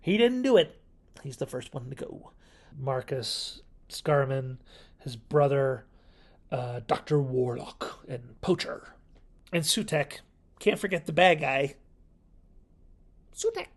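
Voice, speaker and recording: A man talks through his thoughts as a video host in a loose, rambling review, stopping to correct himself and chuckling along the way. His voice has a gravelly fry at mid pitch. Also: animated, takes it slowly. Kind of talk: casual review monologue.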